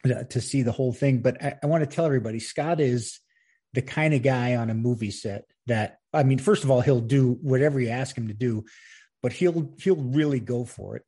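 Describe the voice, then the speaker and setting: Husky guy interviewing someone, chatty, lots of uhs and laughs. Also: mid-range voice, brisk, dark tone. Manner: chatty, laughs often, many fillers. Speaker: interviewer, filmmaker. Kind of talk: casual interview.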